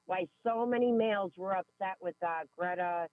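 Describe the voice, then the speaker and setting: Excitable woman caller on a tinny phone. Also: mid-range voice, normal speed, no echo. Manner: excitable and giggly, bursts of exclamations. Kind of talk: call-in radio chat. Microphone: telephone.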